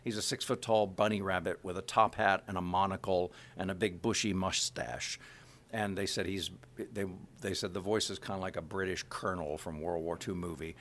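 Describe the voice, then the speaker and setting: Middle-aged man, a voice actor, with a lower, gravelly voice and lively delivery. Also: normal speed, slight background noise. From Kansas City, USA. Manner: animated, full of filler words. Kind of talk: casual interview talk.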